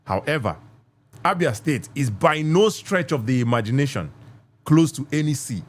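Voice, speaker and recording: A man from southeast Nigeria, speaking with a Nigerian accent, hosts a live call-in podcast debate. His medium-pitched voice is expressive and moderately paced, and he lectures assertively, repeating himself for emphasis.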